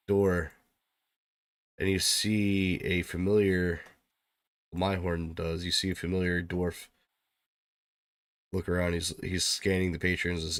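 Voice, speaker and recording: A man narrating as game master for a tabletop game, in relaxed, halting narration. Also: low-pitched, dry recording.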